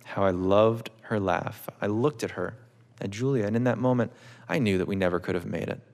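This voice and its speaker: Author reading: man, low and gravelly, measured and wry, echoing in a big hall. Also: darkish tone. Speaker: author reading his novel. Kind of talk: public reading to a live audience. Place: auditorium stage. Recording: long reverb of a large hall.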